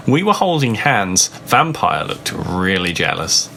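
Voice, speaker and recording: A man's voice: sits low, sing-song, takes it slowly, gravelly, pushed and bright, slight background noise. A man giving a comic reading aloud, with sarcastic, amused asides and free swearing. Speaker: reader of a fan fiction. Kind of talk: comedic dramatic reading with mocking asides.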